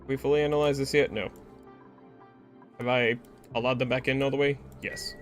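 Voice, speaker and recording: A man's voice: mid-range voice, fairly even intonation, moderate pace, soft background music. A man streaming a game, talking to himself, swearing often and getting frustrated. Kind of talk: casual gameplay commentary.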